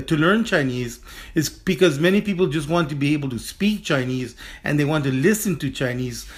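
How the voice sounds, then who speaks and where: A man teaching a Chinese lesson in English, animated and repetitive, drilling phrases slowly and often restarting his sentences. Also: a little high. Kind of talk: online language lesson.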